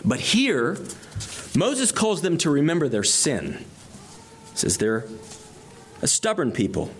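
Animated preacher man explaining scripture. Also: a little high, slow, slight background noise. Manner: reads scripture aloud and explains it verse by verse; animated, rising emphasis on key phrases. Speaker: pastor. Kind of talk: expository sermon.

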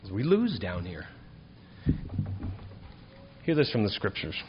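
A man preaching in a large hall, his voice carrying a long reverb. The sound is dull and slightly muffled, with a faint low rumble underneath. He moves between measured teaching and emphatic, lifted declarations. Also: huge pitch swings. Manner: rises to emphatic, higher-pitched preaching on key points. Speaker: pastor. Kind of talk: sermon.

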